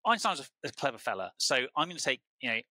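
A British man with a very bright, sharp voice tells stories as a podcast guest. He rambles and keeps restarting and repeating words. The recording is dry and close. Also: mid-range voice, sing-song, fast talker, no room sound, poor audio. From United Kingdom. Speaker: truffle grower, podcast guest. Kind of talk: casual conversational storytelling.

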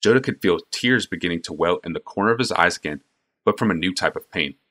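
A man narrates a fantasy novel with an expressive, storytelling delivery. His voice is deep, and his pitch moves lively through the action. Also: fast. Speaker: audiobook narrator. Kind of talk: scripted narration.

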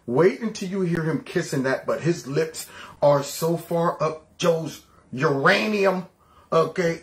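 A man hosting a political reaction show, talking in a sarcastic, mocking way. His voice sits fairly high for a man and he keeps the energy up. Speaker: commentary host.

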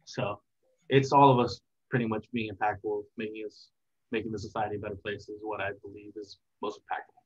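A young man giving a casual interview as a content creator, talking in a relaxed, rambling, reflective way. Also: lowish voice, a little fast, slightly rough. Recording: dull lo-fi sound.

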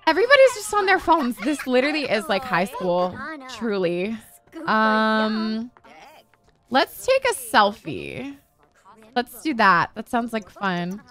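A woman's voice: a little high, very animated, slow pace, a bit bright, soft background music. A young woman giving casual, gushing gameplay commentary, peppered with "like" and casual swearing. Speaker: gaming streamer.

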